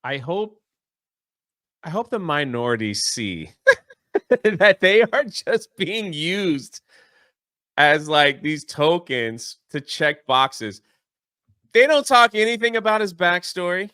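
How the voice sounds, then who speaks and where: A man's voice: high voice, sing-song, takes it slowly, pauses often, sharp tone, dry recording. A man co-hosting a casual commentary chat, ranting in an exasperated way. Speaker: co-host.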